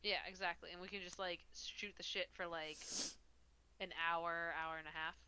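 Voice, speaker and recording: A woman's voice: on the low side, steady tone, normal speed, clean tone, no room sound, low-quality recording. A woman co-hosting a casual podcast chat, giggly and laughing often as she talks. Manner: giggly, laughs often, bright chatty delivery. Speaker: podcast co-host.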